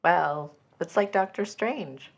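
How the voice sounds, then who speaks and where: Low-voiced woman co-host, wry replies. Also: takes it slowly, vocal fry. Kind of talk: casual chat.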